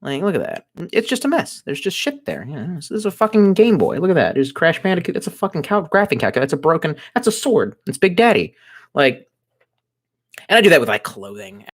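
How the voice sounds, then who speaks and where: A man's voice: a little high, wildly swooping pitch, a little fast, fairly bright tone, dry recording, clean studio sound. A man in his thirties, a bit drunk, ranting on a livestream from his cramped bedroom in a rambling, profane, sardonic way. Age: 30s. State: tipsy. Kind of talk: casual livestream rant.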